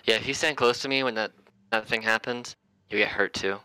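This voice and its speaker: A man's voice: lowish voice, steady tone, brisk, sharp tone, smooth, dry recording. A man playing his character in a tabletop game, talking casually with swearing and describing his character's actions. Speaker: player. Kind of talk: in-character tabletop role-play.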